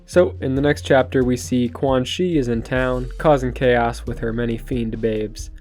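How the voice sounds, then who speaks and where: A man's voice: medium pitch, steady tone, a little slow, darkish tone, faint music behind. A man casually retelling a comic story, chatty and loose, laughing and swearing as he goes. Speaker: manga reviewer.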